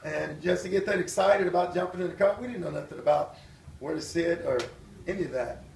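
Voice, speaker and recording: An older man telling his life story to a church audience, animated and acting out voices and shouts. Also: a little high, a little fast, gravelly, slight background noise. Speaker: guest speaker. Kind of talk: storytelling testimony at a church event. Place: church hall. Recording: echoey hall from far off.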